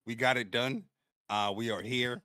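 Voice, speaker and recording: Bright-voiced New podcast co-host man. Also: mid-range voice, moderate pace, clear, resonant tone, no echo, studio quality. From New York. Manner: animated storytelling, acts out what friends said. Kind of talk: casual gaming podcast chat.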